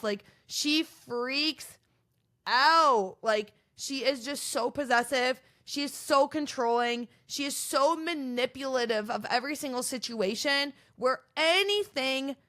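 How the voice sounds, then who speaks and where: A young woman hosting a podcast, chatting in an animated, gossipy way and acting out what others said. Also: high-pitched. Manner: animated, gossipy, acts out quoted contestants. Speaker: podcast host recapping reality TV. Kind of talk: casual chatty recap.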